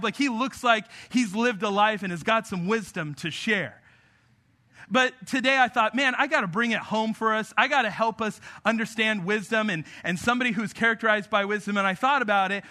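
A man's voice: sits high, bright, forceful tone. A young man, a pastor, preaching a sermon in a conversational way, with frequent asides to the congregation.

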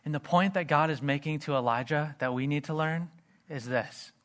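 Pastor, male, earnest sermon delivery, voice sits a bit high. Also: moderate pace, fairly bright tone.

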